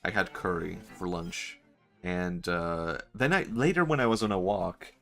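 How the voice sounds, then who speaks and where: Male streamer, low register, loose joking delivery over quiet game music. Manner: rambling, joking, often laughing. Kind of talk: casual gaming stream chat.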